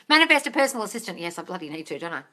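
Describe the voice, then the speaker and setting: A young woman chatting casually on a livestream, answering viewer questions, excitable and swearing freely. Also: on the low side, very fast. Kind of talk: casual live chat.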